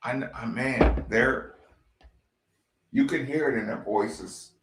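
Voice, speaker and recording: A man's voice: medium pitch, slow, heavy background noise. A man giving blunt, profane fan commentary on a basketball team, ranting in slang. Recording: echoey room.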